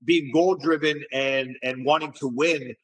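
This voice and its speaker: A middle-aged man, an entrepreneur being interviewed, telling stories in a casual, animated way and often repeating words as he restarts. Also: a little high, a little slow. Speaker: entrepreneur guest.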